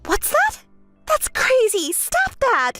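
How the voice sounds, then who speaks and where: A woman voicing a spoiled, boastful young bride who whines and makes demands in a shrill voice. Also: sing-song, normal speed, a bit bright, soft background music, exaggerated voice. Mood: frantic. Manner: whiny and demanding, rising to shrill outbursts. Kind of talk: texting-story voice acting.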